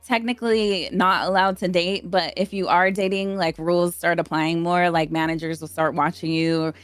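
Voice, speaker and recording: A woman's voice: lowish voice, steady tone, normal speed, smooth, dry recording. A woman in her thirties, a podcast guest rambling through stories in casual chat. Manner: chatty, rambling storyteller.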